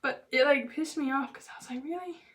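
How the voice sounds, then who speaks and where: A woman's voice: high voice, fairly even intonation, a little fast, sharp tone, distant mic. A young woman vlogger telling a story in a loose, chatty way, filling it with "like" and "blah blah" and dropping to a whisper for asides. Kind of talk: casual storytelling.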